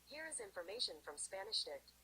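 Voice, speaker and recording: A bright synthetic phone assistant voice, a woman's. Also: mid-range voice, very animated, a little fast, slightly rough, dry recording, heavily acted, poor audio. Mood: neutral. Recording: phone speaker heard from off mic.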